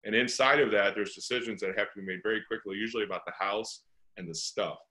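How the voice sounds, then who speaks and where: Bright-voiced middle-aged man telling stories. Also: on the low side, fast, low-quality recording. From St. Louis. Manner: earnest, animated storyteller with rhetorical questions. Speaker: guest, real estate investor. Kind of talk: conversational interview.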